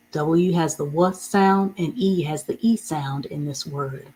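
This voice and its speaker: A woman's voice: deep voice, unhurried, hardly any pauses, mellow, rough recording. A woman teaching a beginner reading lesson, patiently repeating and spelling out each word.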